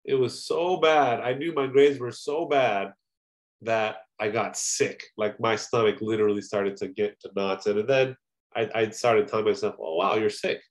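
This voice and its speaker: A man's voice: lowish voice, fairly even intonation, moderate pace. A man giving a conversational sermon, earnest and personal, often adding "you know" as he talks. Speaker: preacher.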